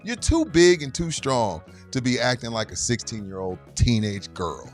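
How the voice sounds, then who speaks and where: A man's voice: medium pitch, big pitch swings, moderate pace, hardly any pauses, soft background music. A man co-hosting a sports podcast, ranting incredulously with profanity and rhetorical questions. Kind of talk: animated rant, casual chat.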